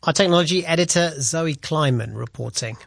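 A man presenting a radio news programme in a measured, formal way. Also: on the high side, vocal fry, a bit bright, dry recording, studio quality.

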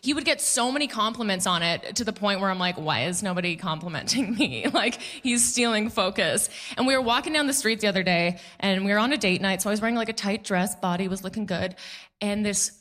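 A woman in her thirties doing a stand-up comedy set on a club stage, animated and laughing at her own jokes as she talks to the crowd. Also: mid-range voice, fairly quick.

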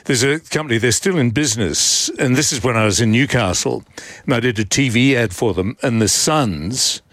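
A man's voice: mid-range voice, normal speed, a bit bright, dry recording. A man co-hosting a casual radio chat, telling stories in a dry, understated way. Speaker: radio co-host.

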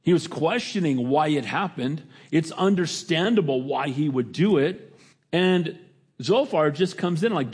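A middle-aged male pastor delivering a sermon with a fairly high voice for a man. He talks conversationally to his congregation, leaping upward in pitch to stress a point and then falling soft and low on the heavy moments. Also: animated, a little slow, breathy edge. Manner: preaching with sudden pitch jumps and quiet drops.

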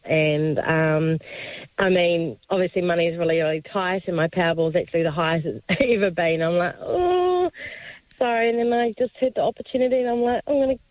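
A bubbly female caller, chatting with radio hosts in a dry, close sound. She giggles between her words and talks with warm openness. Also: on the low side, no room sound, narrow, tinny audio. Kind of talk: call-in chat.

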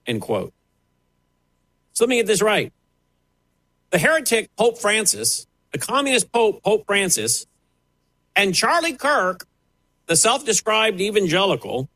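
A man's voice: high-pitched, big pitch swings, a little slow, pauses often, bright, forceful tone, no echo, poor audio. A man giving pointed, sarcastic opinion commentary on air, talking in a loose conversational way. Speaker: radio commentator.

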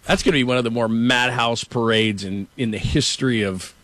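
A middle-aged man hosting a sports talk show, chatting casually and telling animated stories. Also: medium pitch, brisk. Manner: storytelling, animated, quotes people.

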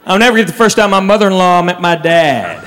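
A man doing a stand-up comedy set, telling stories with animated delivery and quiet low asides. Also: fast. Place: stage in a large hall. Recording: live hall, faint crowd. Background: faint audience and room noise.

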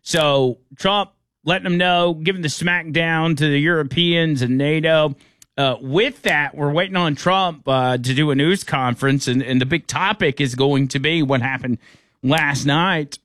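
A man's voice: on the high side, measured pace, a bit bright, no echo, studio quality. A man hosting a casual radio talk show, rambling with frequent restarts.

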